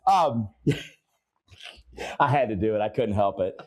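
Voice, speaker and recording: A man co-hosting a casual chat show, animated and chuckling, with playful mock outrage. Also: on the low side, takes it slowly. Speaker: podcast co-host.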